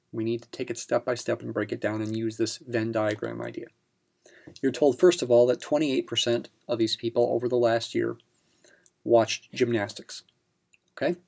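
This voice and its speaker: A man walks through a probability exercise in a relaxed, patient teaching voice. His tone has a gravelly fry to it, sitting at an ordinary male pitch, and he breaks each point down step by step. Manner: patient step-by-step explanation with fillers. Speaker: math instructor. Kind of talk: explaining a practice problem.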